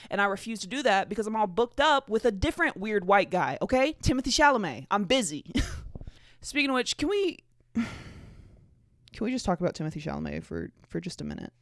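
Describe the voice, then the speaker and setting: A twenty-five-year-old podcast host with a trace of a Southern US accent chats alone, wandering from thought to thought. The delivery is jokey and self-mocking, with swearing dropped in casually. The voice is smooth and clear, recorded close in a dry room with no echo. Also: medium pitch, fairly bright tone. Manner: rambling, jokey and profane, with self-mocking asides. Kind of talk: casual solo podcast chat.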